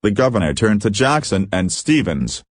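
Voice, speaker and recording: A man reads a story aloud in a measured, deliberate way, as an audiobook narrator. His voice is on the low side, and it is recorded close and dry with no room echo. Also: sing-song. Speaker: audiobook reader.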